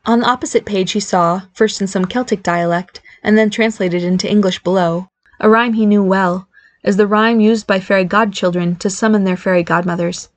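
A woman narrating a novel in an even, clear storytelling manner. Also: medium pitch, normal speed, no room sound. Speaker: audiobook narrator. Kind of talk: scripted narration.

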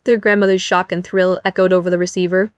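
A woman narrating a novel as an audiobook in an even storytelling manner. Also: on the low side, fast, no room sound.

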